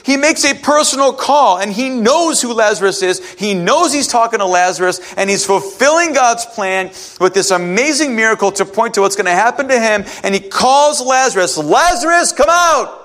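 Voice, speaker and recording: A man's voice: high voice, expressive, normal speed, hardly any pauses, fairly bright tone. A man preaching a sermon, reading scripture aloud and restarting his sentences as he explains it. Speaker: pastor.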